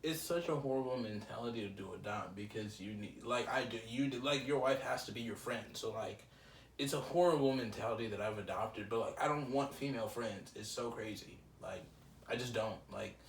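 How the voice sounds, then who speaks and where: A man's voice: mid-range voice, fairly quick. A young man talking casually in a solo podcast, rambling and reflective with lots of fillers. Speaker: podcast host. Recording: roomy, slightly distant mic with faint ambient noise.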